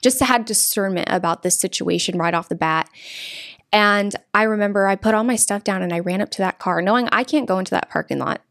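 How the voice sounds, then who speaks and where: Earnest young woman with a gravelly edge. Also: mid-range voice, brisk, a bit bright, dry recording, studio quality. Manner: earnest, frequent restarts and repeated words. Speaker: interview guest. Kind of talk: earnest testimony in conversation.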